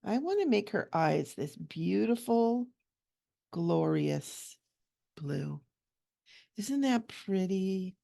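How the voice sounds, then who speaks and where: A woman hosting a relaxed coloring tutorial, chatting gently and cooing over small details as she works. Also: medium pitch, drawn-out words, vocal fry, long pauses. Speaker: coloring channel host and hypnotherapist.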